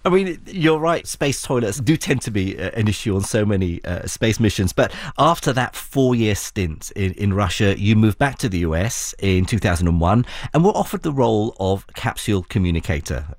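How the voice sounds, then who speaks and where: A man hosting an interview, asking measured, attentive questions. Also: fairly low pitch, expressive, no room sound, clean studio sound.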